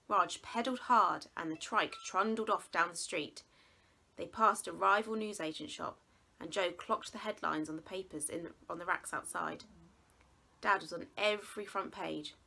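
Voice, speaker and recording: A woman reading a children's novel aloud with expressive storytelling. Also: fairly low pitch, normal speed, creaky. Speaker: reader.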